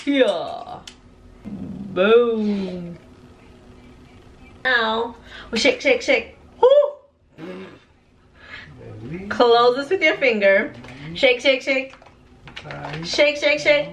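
A woman's voice: fairly high pitch, extremely slow, pauses often, a bit bright. A young woman in her twenties talking to the camera at home in a playful, goofy way, sprinkling Spanish phrases into her vlog. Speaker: vlogger. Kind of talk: casual vlog talk to camera.

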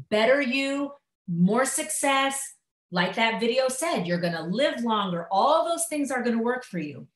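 A woman teaching a live lecture in a conversational way, acting out inner voices as she speaks. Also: medium pitch. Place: classroom. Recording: echoey room.

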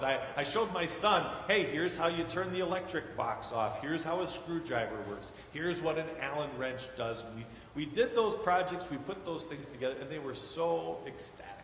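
A man in his thirties preaching a sermon as guest preacher, telling family stories with animated quoted voices. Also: fairly high pitch, normal speed, few pauses, a little hiss or hum. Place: church sanctuary. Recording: echoey hall with long reverb.

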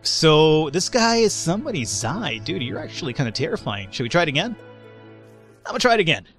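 A man giving casual commentary on a strategy game, quick to get frustrated and swearing often. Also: on the high side, big pitch swings, fairly bright tone, faint music behind. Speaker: let's play gamer.

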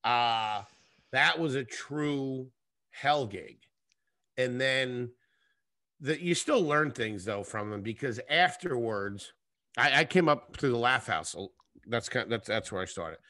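A man, a comedian guest, telling a rambling, profane story in a casual, animated way. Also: medium pitch, slow pace, no echo, clean studio sound. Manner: profane, animated, acts out scenes.

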